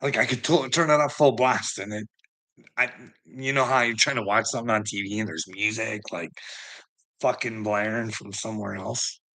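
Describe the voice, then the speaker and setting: A man's voice: fairly low pitch, fairly even intonation, moderate pace, sharp tone. A middle-aged man, ranting agitatedly in a personal vlog, swearing constantly with bitter laughs. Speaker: vlogger.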